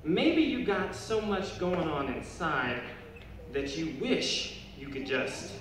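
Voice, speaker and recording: A middle-aged man giving a playful, humorous speech to a school audience, rising high when he stresses a point. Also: sing-song, slow, a bit bright. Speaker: speaker addressing students. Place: large hall or gym. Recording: echoey hall from far off with room noise.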